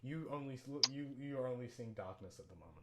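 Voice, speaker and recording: A man narrating a tabletop game as game master, pausing often with fillers and restarts. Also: mid-range voice, lively intonation, sharp tone. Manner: halting, many fillers and restarts. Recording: noisy home mic.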